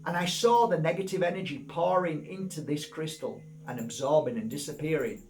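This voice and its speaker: A man's voice: a little high, a little fast, darkish tone, slight background noise. A man, a crystal healer, chatting casually and enthusiastically as he shows a stone and tells a rambling story. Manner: enthusiastic, rambling, repeats words. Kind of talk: casual unboxing talk with storytelling.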